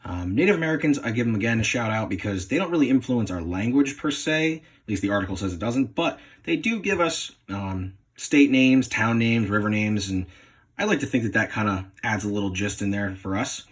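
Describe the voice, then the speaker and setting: A man's voice: on the low side, lively intonation, brisk, husky. A man from New England giving a class presentation into his phone, hesitant and apologetic with many ums. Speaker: student presenter.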